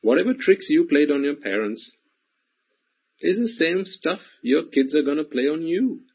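A man preaches a sermon in a husky voice, hammering his points home through repetition and direct questions to the listeners. The recording is dull and lo-fi. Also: on the high side, animated, moderate pace.

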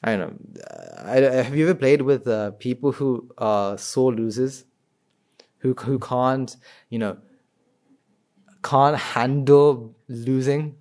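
A man's voice: medium pitch, slow pace, a little mellow. Man giving a talk full of rhetorical questions. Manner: rhetorical questions, many restarts. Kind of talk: informal spoken talk to an audience.

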